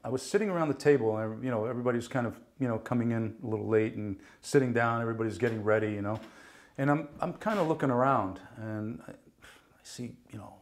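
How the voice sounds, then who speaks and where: A man from New Jersey tells stories from his acting life in a relaxed interview. He talks with energy, slips into other people's voices when he quotes them, and swears in passing. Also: mid-range voice, quick pace. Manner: animated, acts out quoted voices, swears casually. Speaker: guest actor. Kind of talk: casual interview storytelling.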